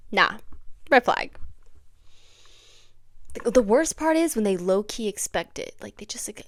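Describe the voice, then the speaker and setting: A young woman talks straight to the camera in a casual vlog. Her voice is bright and crisp, a little high, and recorded dry and close. She swings from hushed asides to dramatic near-yelling. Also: no echo. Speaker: vlogger. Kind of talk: casual chat.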